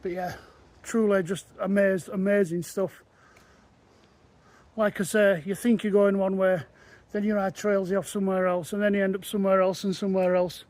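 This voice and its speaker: A man's voice: high-pitched, flat delivery, normal speed, a little mellow, dry recording. A man chatting to camera as he walks hilly woodland paths, rambling and easily amazed, at times a bit out of breath. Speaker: walking vlogger. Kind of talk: casual walk-and-talk narration.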